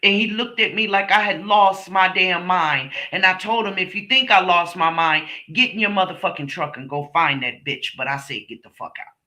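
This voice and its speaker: A woman with a very bright, piercing edge to her voice talks straight to her viewers. She is middle-aged, blunt and emphatic, and she swears freely as she tells her story. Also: lowish voice, moderate pace, few pauses. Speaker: streamer host. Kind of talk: casual monologue to viewers.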